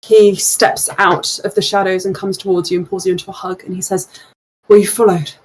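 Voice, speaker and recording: Husky woman game master. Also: medium pitch, a little fast, rough recording. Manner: casual, relaxed narration. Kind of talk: narrating a tabletop game.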